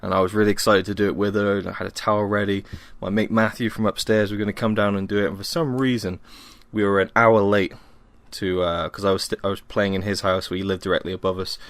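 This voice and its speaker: A man's voice: fairly low pitch, flat delivery, fast, hardly any pauses, a bit bright, no room sound. A young man from Wales, hosting a casual solo podcast at home, rambling and self-deprecating with many ums, tired after a workout. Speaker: podcast host.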